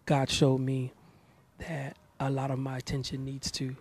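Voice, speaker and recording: A man in his thirties, a gospel artist talking in a casual interview, animated and preachy, often repeating words as he starts sentences. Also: mid-range voice, moderate pace, slightly rough.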